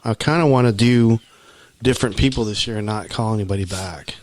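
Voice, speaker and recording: A man's voice: lowish voice, brisk. Texan man rambling on a podcast. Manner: rambling, hesitant, lots of fillers. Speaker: podcast co-host. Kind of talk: casual chat.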